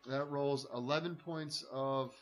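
A man runs the table as dungeon master, his voice level and mid-pitched. He calls out rolls and damage plainly, with little fuss. A soft music bed plays beneath him. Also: a little slow, poor audio. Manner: calls rolls and damage in a relaxed, matter-of-fact way. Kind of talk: running a tabletop game.

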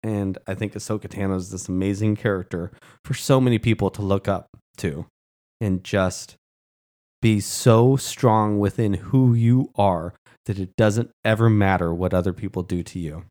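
A man's voice: on the low side, normal speed, warm tone. A man co-hosting a podcast, talking in an earnest, impassioned way in casual chat. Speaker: podcast co-host.

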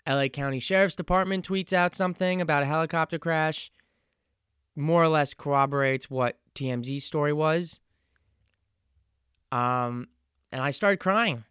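A man in his twenties hosting a solo podcast, talking in an earnest, reflective and halting way. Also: fairly high pitch, a bit bright, clean tone, no echo, studio quality. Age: 20s. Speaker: podcast host. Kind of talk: casual solo podcast monologue.

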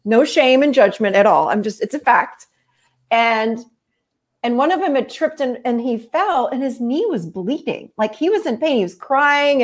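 A middle-aged woman therapist talks through her method in a relaxed interview. Her voice sits a little high, and she speaks in an animated, explanatory way, acting out other people's lines as she goes. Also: moderate pace. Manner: animated, explanatory, acts out quotes. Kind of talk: conversational interview.

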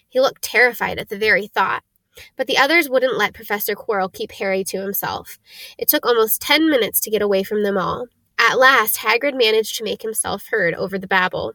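Steady woman narrating a kids book, dry, mid voice. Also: medium pitch, brisk, no room sound. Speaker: reader. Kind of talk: storybook narration.

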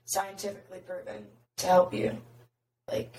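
A young woman with a raspy voice, chatting casually as a podcast host and filling her talk with "like". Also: mid-range voice, little pitch movement, normal speed, a little mellow, a little hiss or hum. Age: young adult. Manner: chatty, heavy filler "like". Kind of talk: casual chat. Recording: roomy, distant mic.

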